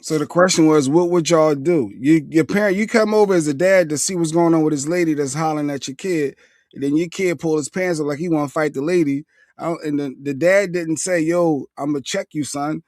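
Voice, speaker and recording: A man hosting a casual live stream, relaxed, reading viewer comments aloud. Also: a little high, brisk, no echo, clean studio sound. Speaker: show host.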